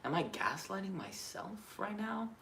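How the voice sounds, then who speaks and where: A male vlogger with a gravelly edge thinks aloud about his feelings, candid and questioning himself, in a solo reflection. His voice sits high and sing-song at a normal pace with a fairly bright tone, dropping to a mutter before bursting into emphatic lines and swearing freely. The room echoes clearly, with a faint hum of ambient noise behind him.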